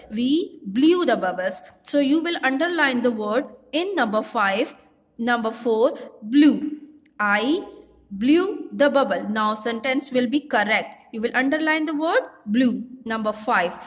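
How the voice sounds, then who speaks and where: Woman primary teacher, patient and explanatory, recorded with a long reverb tail. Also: sits high. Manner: slow, explanatory, mixes Hindi into English. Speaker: primary school English teacher. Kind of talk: recorded online class lesson.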